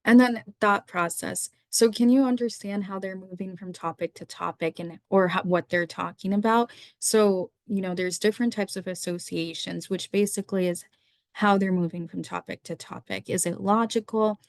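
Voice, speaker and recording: A woman's voice: mid-range voice, normal speed, dry recording, studio quality. A young woman, a psychiatry resident, teaching medical students through a slide lecture, running through lists of questions in an explanatory way. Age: young adult.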